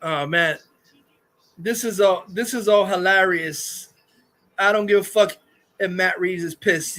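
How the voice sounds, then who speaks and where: A man hosting a casual commentary stream, reading chat and ranting in a heated, profane way with many filler pauses. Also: sits high, pushed and bright.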